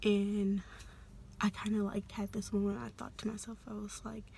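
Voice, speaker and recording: A young adult woman telling a personal story in a soft, hesitant, often half-whispered way, with many fillers. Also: medium pitch, monotone, normal speed, vocal fry, a little hiss or hum. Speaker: vlogger.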